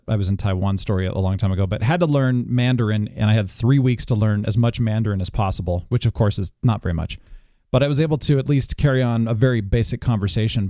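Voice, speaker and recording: A man's voice: medium pitch, warm tone, no room sound, studio quality. Upbeat male podcast host. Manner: upbeat, enthusiastic, laughs often. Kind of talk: casual interview.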